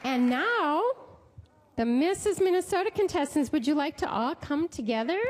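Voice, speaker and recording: A woman's voice: sits high, lively intonation, moderate pace, some chatter behind, a little hiss or hum. A woman emceeing a pageant live on stage, chatty and gushing, building playful suspense before announcing winners.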